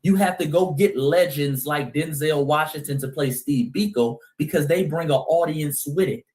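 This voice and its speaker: A man's voice: fairly high pitch, normal speed, darkish tone. A man hosting a heated commentary monologue, speaking emphatically and calling his listeners family. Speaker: host.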